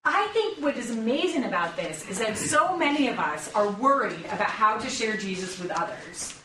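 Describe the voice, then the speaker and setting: A woman's voice: on the high side, big pitch swings, normal speed, bright, forceful tone. A woman leading a conversational sermon, engaging her group with questions as she talks through a Bible passage. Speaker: pastor or Bible study leader. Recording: roomy, distant mic, faint room noise.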